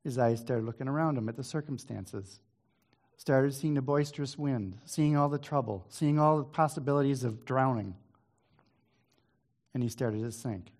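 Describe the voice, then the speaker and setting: A man giving an informal Bible study. He reads the old scripture verses at an even pace, then drops into loose, musing talk with restarts and asides, now and then clearing his throat. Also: mid-range voice, moderate pace. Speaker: Bible teacher.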